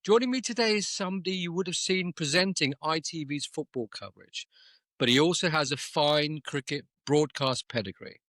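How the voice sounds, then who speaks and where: Bright-voiced man hosting a podcast. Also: a little high, moderate pace, no room sound. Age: 50s. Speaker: podcast host. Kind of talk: casual interview.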